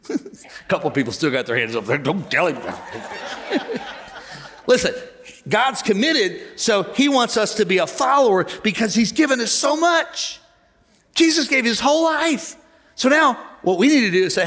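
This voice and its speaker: Male pastor, sermon, upper voice with very animated swings, playful crowd banter. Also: sits high, moderate pace, pauses often. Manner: animated, humorous, conversational preaching. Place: church auditorium.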